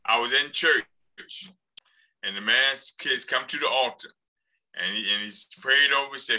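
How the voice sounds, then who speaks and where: A man's voice: mid-range voice, normal speed, sharp tone, low-quality recording. A man leading a church Bible study discussion, playing a doubtful convert to make his point.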